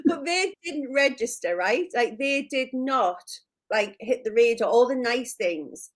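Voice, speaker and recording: Her voice a little high and animated but a little slow, a Geordie co-host from Newcastle, England, shares stories in a chatty live chat. She fills them with "like" and self-deprecating laughs.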